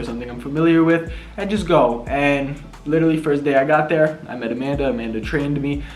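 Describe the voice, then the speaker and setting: A man's voice: on the high side, fast talker, few pauses. A man in his twenties casually answering fan questions in a vlog, laid-back and slangy, rambling with lots of fillers. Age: 20s. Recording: echoey room.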